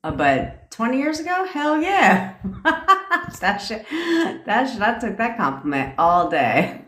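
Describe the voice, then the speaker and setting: A woman's voice: mid-range voice, sing-song, unhurried, sharp tone, slight background noise. A woman coaching manifestation in a casual livestream chat, brash and profane, laughing often. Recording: echoey room.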